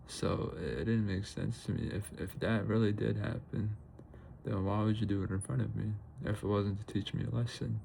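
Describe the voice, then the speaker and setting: A young man talking in a confessional vlog, tearful and halting, filling his pauses with "you know" and "bro". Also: fairly low pitch, fairly even intonation, vocal fry, warm tone, slight background noise, rough recording. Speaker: vlogger.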